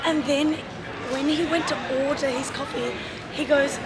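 Vlog: high-pitched woman, animated and giggly, loud noise behind. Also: unhurried, a loud crowd. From Australia. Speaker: circus performer. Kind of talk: casual chat.

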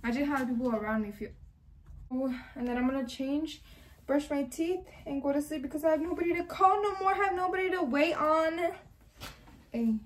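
A woman's voice: high voice, fairly quick, slight background noise. A young woman chatting casually to camera in a home vlog, rambling on as a self-described yapper, recorded on her phone at home. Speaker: vlogger.

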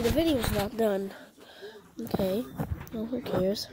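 A woman's voice: fairly high pitch, fairly even intonation, takes it slowly, long pauses. A woman playfully narrating her toy play for viewers in a silly, chatty way. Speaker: channel host. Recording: noisy with clicking sounds.

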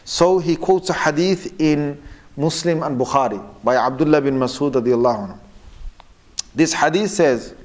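A man teaching a religious lesson who quotes Arabic passages and then explains them in English, pausing often and correcting himself as he goes. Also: mid-range voice. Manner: pauses often, with fillers and self-corrections. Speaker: Islamic teacher. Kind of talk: lecture on religious texts.

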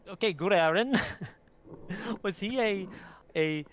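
A man playing a tabletop game, asking curious questions in a halting way. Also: high-pitched, crowd noise. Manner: curious, halting, laughs easily. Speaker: player.

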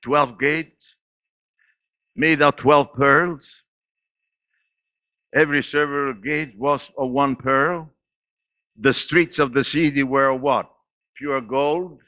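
A man's voice: steady tone, slow, long pauses, no room sound, highs cut off. Man in his eighties with an accent, preaching. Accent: non-native English. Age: 80s. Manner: preaching with laughs and sudden swings in pitch and loudness. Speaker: pastor. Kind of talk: sermon. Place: church.

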